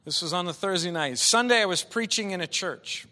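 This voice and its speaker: A male preacher delivering an impassioned sermon, swinging from quiet talk to shouting. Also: high-pitched, a little fast. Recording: long hall reverb.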